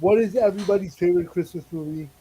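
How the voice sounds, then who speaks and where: A man's voice: high voice, fast talker, a crowd in the background, poor audio. A man on a live geek panel, telling stories and teasing the others playfully. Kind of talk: casual panel chat on a live stream.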